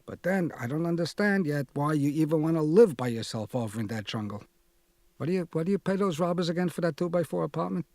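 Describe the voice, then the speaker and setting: A man's voice: a little high, expressive, fast talker, a little mellow, no echo, pitched above the performer's own voice. A man voicing a scolding, penny-pinching older father in an audiobook, nagging and incredulous. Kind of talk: audiobook narration.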